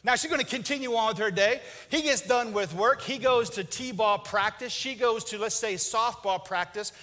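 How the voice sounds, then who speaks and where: A male pastor preaches with animated storytelling. He often drops into quieter, lower voices to act out a husband and wife. His voice sits high and sounds bright. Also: moderate pace. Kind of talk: sermon with acted-out marriage stories.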